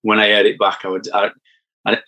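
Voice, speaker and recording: Middle-aged northern English man, lowish voice, chuckling storyteller, podcast chat. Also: monotone, fairly quick, bright, forceful tone, rough recording.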